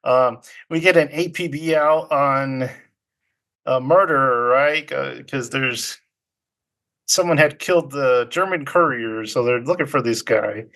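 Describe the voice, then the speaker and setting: A man's voice: mid-range voice, unhurried, a bit bright. A man co-hosting a podcast, casually recapping a film in a loose, chatty way and laughing often. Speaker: podcast co-host.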